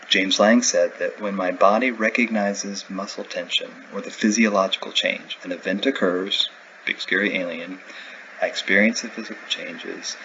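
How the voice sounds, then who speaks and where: A man's voice: deep voice, sharp tone, highs cut off, slight background noise. A man teaching a recorded lecture, explaining in a conversational way with everyday examples. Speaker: instructor.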